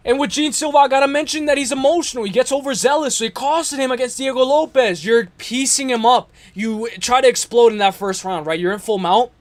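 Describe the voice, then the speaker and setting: High-voiced man rambling about fights. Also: brisk, hardly any pauses. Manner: rambling, slangy, repeats himself, addresses chat directly. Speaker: MMA livestream host. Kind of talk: casual fight-talk livestream.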